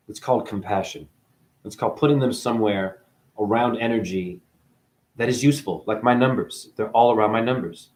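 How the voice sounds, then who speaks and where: A man's voice: lowish voice, fairly quick, darkish tone. A man delivering a profane, preachy spiritual rant straight at his viewers, swearing freely as he lectures them. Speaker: vlogger.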